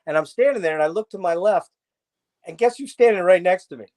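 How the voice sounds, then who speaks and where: A man with a fairly high speaking voice hosts a casual interview. He talks like an excited fan and strings his questions together at length. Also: quick pace. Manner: enthusiastic, chatty fan, long wandering questions. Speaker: podcast host.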